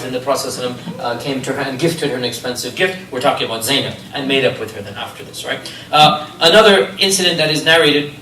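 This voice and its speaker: A man giving an animated religious history lecture, telling stories and asking his listeners rhetorical questions. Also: medium pitch, slight background noise. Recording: echoey room, distant mic, faint ambience.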